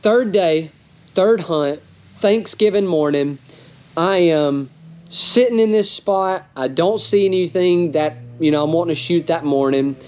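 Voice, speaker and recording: A man with a Southern US accent narrating his hunt, excitable and fast-talking, often outdoors in the woods. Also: a little high, muffled recording. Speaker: hunting vlogger. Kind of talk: hunting vlog narration and field commentary.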